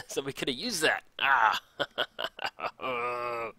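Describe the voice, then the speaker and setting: A man giving casual commentary over a card game as he plays, excitable and chatty, laughing often and poking fun at his own mistakes. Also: medium pitch, extremely slow, no echo. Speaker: gameplay commentator.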